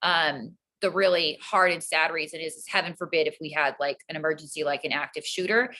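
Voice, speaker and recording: Earnest woman teacher, bright voice. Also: low voice, brisk, low-quality recording. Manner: earnest, calm, explanatory. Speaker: teacher, guest. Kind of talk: casual interview answer.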